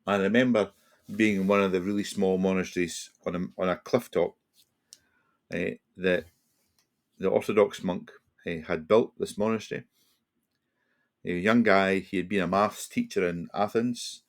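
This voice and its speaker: Deep-voiced Scottish man in his sixties. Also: steady tone, gravelly. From Scotland. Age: 60s. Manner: halting, restarts often, slips into quoted dialogue. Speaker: guest, retired police negotiator. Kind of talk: reflective podcast storytelling.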